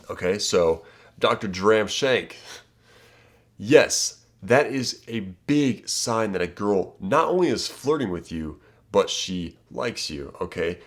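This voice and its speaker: A man coaching viewers on dating in a casual, emphatic way, often checking in with "okay?" and "right?". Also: on the low side. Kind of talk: direct-to-camera advice talk.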